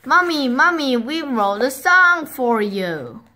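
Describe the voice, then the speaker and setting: A woman voicing small, excited chicks in a storybook reading, high and eager. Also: slow pace, exaggerated voice.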